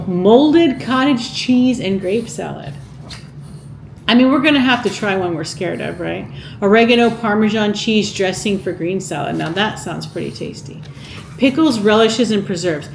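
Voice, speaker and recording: A woman's voice: medium pitch, expressive, measured pace, creaky, echoey room, a little hiss or hum, poor audio. A woman vlogging casually, reading out items from a vintage cookbook and musing aloud with questions to her viewers. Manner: chatty, muses aloud and asks viewers questions. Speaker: cooking vlogger.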